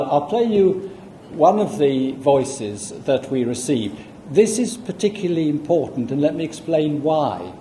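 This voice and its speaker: A man giving a public lecture, explaining at a measured pace with asides to the audience. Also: medium pitch, mellow, slight background noise. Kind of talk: public lecture with audio playback. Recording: echoey room, faint ambience.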